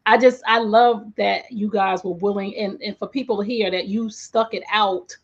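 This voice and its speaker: A woman's voice: mid-range voice, steady tone, normal speed. A woman hosting a relationship talk as a coach, emphatic and preacherly. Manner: emphatic, preacherly, exclaims often. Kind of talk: animated interview chat. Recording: dull lo-fi audio.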